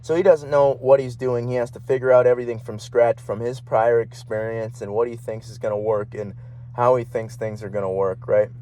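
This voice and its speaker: A man's voice: mid-range voice, little pitch movement, fairly quick, warm tone. Young male podcast host, heated, rambling and profane, a faint hum behind him. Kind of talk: casual ranting monologue.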